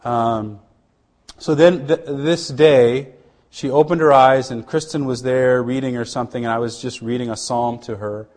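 Speaking in a steady, medium-pitched voice, a middle-aged male missionary shares his testimony. He is earnest yet halting, starting over many times and hushing his voice at tender moments.

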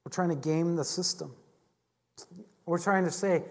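A man's voice: on the high side, steady tone, measured pace. A man teaching a Bible lesson in a chatty, joking sermon style, often restarting his sentences. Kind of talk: conversational sermon.

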